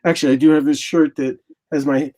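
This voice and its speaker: A man in his sixties talks about his travels in an easy, rambling way, his voice sitting a little high for a man. He jumps into lively quoted asides as he tells his stories. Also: fairly quick. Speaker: motorcycle photographer guest. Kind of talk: casual interview storytelling.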